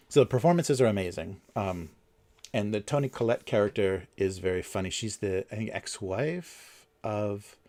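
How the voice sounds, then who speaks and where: A man's voice: fairly low pitch, darkish tone. A man hosting a casual livestream, talking in a rambling way with many fillers and restarts. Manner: chuckles between points. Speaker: livestream host.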